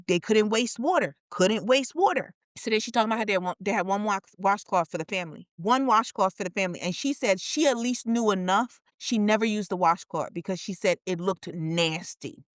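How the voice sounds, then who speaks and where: A woman co-hosting a casual chat show, telling stories in an animated way and jumping her voice up high for emphasis. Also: no room sound, clean studio sound. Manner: animated storyteller, voice leaps up for emphasis. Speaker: podcast co-host.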